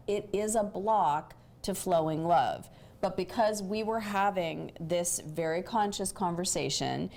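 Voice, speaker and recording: A woman's voice: fairly low pitch, darkish tone. A woman host giving relationship coaching, explaining things and often checking in with "right?".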